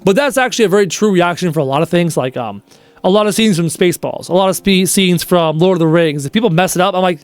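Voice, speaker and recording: A man's voice: high voice, fast talker, no echo, faint music behind. A young Canadian man streaming a game and chatting casually with viewers in a rambling, joking way. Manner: rambling, chatty, jokes and bursts into quoted bits.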